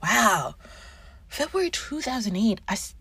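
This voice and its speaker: Chatty, lively woman podcast host. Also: fairly high pitch, a little slow, slightly rough, dry recording. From Canada. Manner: chatty, animated, swearing and sidetracked. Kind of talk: casual chat.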